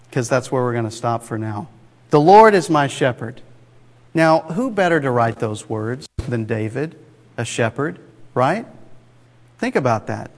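A man delivers a sermon in an easygoing, conversational manner, leaning hard on key phrases and tossing rhetorical questions to his listeners. His voice sits at an ordinary middle pitch and carries a long reverberant tail, as if he is speaking in a church sanctuary. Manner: conversational, emphatic, rhetorical asides. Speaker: preacher.

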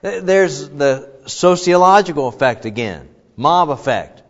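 A man gives a sermon in a loose, conversational way, full of fillers and false starts. Now and then he shouts loud and high as he acts out the crowd. His voice rings with a long hall echo and sounds slightly dull. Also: expressive, unhurried. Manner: conversational with many fillers and restarts. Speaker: preacher.

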